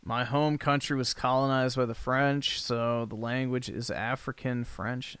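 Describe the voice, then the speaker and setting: A man hosting a livestream, talking in a blunt, crude and offhand way as he answers comments. His pitch sits in a middling range. The sound is close and dry, with no room echo. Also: steady tone, a little slow, a bit bright, clean tone. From United States. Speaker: livestream host. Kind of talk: casual livestream chat reading comments.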